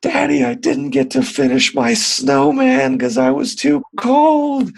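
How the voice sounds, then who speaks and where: Little girl voice, very high, whimpery, tired and sad, put on by a gravelly man. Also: expressive, slow, exaggerated voice.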